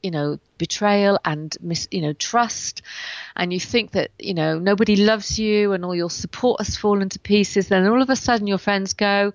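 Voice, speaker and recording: A woman's voice: mid-range voice, moderate pace, no room sound. Woman guest telling her story, dull dry sound. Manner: animated, acts out what she and others said. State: in pain while speaking. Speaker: guest, writer and coach. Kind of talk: personal storytelling in an interview. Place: at home.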